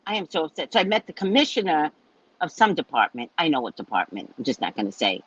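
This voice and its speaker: Animated woman telling an indignant story. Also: low voice, quick pace, slightly rough, no room sound. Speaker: psychic reader and host. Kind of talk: casual storytelling rant. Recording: dull lo-fi dry sound.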